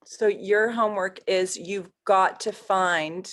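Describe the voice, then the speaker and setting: A woman's voice: medium pitch, fairly even intonation, slow, a bit bright. A woman astrologer hosting a casual live stream, chatting with viewers, easily flustered and laughing often.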